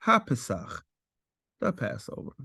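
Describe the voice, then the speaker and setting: A man teaching a Bible lesson while sharing his screen, slowly repeating and stressing Hebrew words. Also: mid-range voice, huge pitch swings, creaky, bright, forceful tone, husky, dry recording, studio quality. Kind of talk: screen-share scripture lesson.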